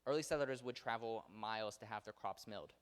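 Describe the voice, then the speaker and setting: A man's voice: on the low side, a little fast, smooth. A man giving a local history lecture in a conversational way, with many fillers and self-corrections. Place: theater auditorium. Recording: long hall reverb.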